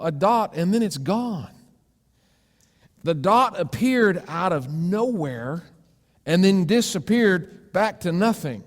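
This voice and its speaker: Animated preacher in a reverberant church. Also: male voice, high-pitched. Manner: animated storytelling, acting out voices for shapes. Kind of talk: sermon. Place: church sanctuary.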